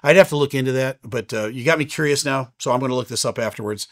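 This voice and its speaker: A man in his fifties talks through how his job works with an easygoing, explanatory manner. His voice sits in a middle pitch, and he fills pauses with an unhurried "uh" as he goes. It sounds like a casual question-and-answer chat from a working captain. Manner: relaxed and explanatory, with frequent "uh" fillers.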